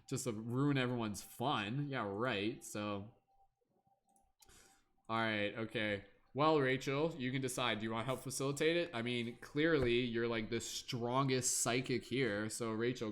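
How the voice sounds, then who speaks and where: A talkative man hosting a live stream, loose and playful as he chats straight to his viewers. He hums little filler tunes in the pauses, and his voice sits in an ordinary middle pitch. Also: fairly bright tone. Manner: chatty, playful, hums and scats while waiting. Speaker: livestream host. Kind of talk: casual livestream chat.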